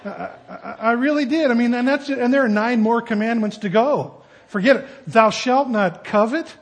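Male pastor with a high-pitched, husky voice, conversational sermon style with jokes. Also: moderate pace. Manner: conversational, joking asides.

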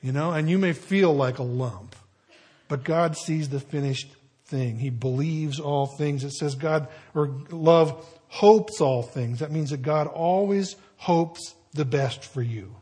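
Older male pastor, husky voice pitched a bit high, folksy conversational sermon delivery. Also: slow pace, dark tone. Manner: folksy storytelling with conversational asides.

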